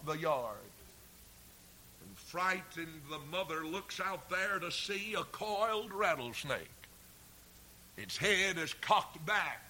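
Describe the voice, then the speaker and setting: A man preaches in a high, bright, ringing voice. His delivery is folksy and earnest, with drawn-out emphasis. He sinks to near-whispers and then builds to forceful shouting. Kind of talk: sermon.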